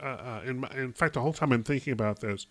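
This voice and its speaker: A man from Chicago co-hosting a casual movie review chat, rambling and halting with many fillers. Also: medium pitch, a bit bright, no room sound. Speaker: podcast co-host.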